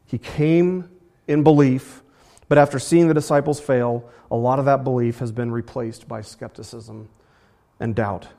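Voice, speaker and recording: A man's voice: mid-range voice, steady tone, measured pace, warm tone. A man preaching a sermon in a conversational way, repeating phrases and rising sharply for emphasis. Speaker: pastor.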